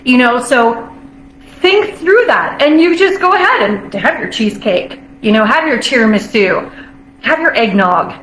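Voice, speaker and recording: Woman, high bright voice, bubbly nutrition coach chatting to camera, laughs often; roomy echo. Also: big pitch swings. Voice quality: bubbly, laughs often, drawn-out emphatic phrases. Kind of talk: casual motivational talk to camera.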